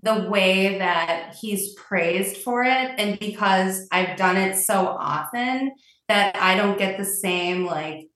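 Female caller, frustrated and hesitant, slow, distant and roomy. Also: mid-range voice, a bit bright. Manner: halting, frustrated, lots of fillers. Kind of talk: casual phone-in chat.

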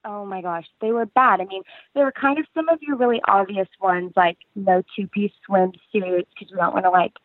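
A woman's voice: mid-range voice, normal speed, dry recording. A young woman from Texas calls in over a thin, tinny phone line. She speaks hesitantly, with fillers and nervous laughs, and her voice sounds dry and close. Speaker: caller.

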